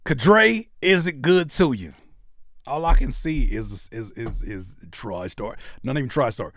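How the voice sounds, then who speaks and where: An animated man hosting a live music reaction stream, his voice swinging widely up and down as he jokes and riffs. He repeats phrases for emphasis in a casual, conversational way. The sound is dry and close. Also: medium pitch, measured pace, no room sound. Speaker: host reviewing music submissions. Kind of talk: casual livestream reaction chat.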